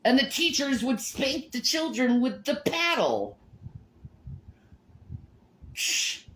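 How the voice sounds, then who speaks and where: A woman's voice: sits high, very animated, unhurried, a little hiss or hum. A middle-aged woman ranting on a livestream, swearing and confrontational, often repeating words and restarting her sentences. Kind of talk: livestream rant.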